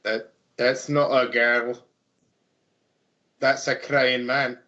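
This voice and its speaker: A man's voice: medium pitch, little pitch movement, very slow, bright, forceful tone, muffled recording. A man playing a tabletop game in a joking, playful way. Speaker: player. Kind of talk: casual tabletop play.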